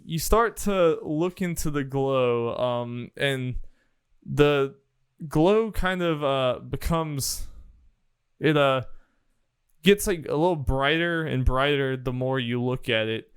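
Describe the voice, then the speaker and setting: A man's voice: mid-range voice, takes it slowly, clean tone, dry recording. A man narrating as dungeon master, describing scenes with lots of fillers and restarts. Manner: rambling, filler-heavy description. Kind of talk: narrating a tabletop game.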